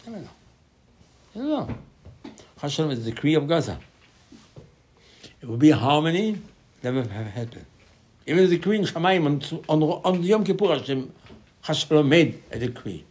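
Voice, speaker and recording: A man giving a Torah class sermon, animated, asking and answering his own questions, with sudden loud emphasis on key lines. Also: a little high, normal speed, pauses often. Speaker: Torah teacher.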